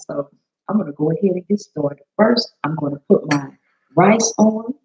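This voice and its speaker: A woman chef chatting with viewers during a live cooking demo in her home kitchen, greeting them by name, her voice a little hoarse. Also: deep voice, moderate pace. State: slightly hoarse. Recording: slightly dull lo-fi live-stream audio.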